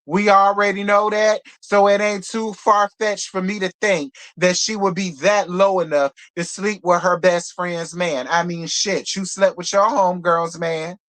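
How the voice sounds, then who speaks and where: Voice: medium pitch, little pitch movement, a little slow, hardly any pauses, a bit bright. A reality TV review host giving a live recap, blunt and profane, repeating points for emphasis and talking straight to viewers. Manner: talks straight to viewers, calls them girl and y'all.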